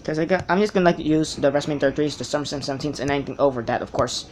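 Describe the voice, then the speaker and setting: A man's voice: fairly high pitch, very fast, background noise. Young man rambling over tablet gameplay. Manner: rambling, self-correcting, excitable over card pulls. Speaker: mobile game player. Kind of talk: casual gameplay commentary. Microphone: tablet's built-in mic.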